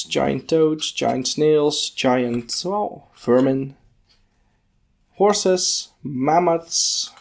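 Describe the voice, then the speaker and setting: Male podcast host, slow and gravelly, thinking aloud through a book. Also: on the high side, darkish tone. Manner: unhurried, musing, thinking aloud with fillers. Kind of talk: casual page-by-page book walkthrough.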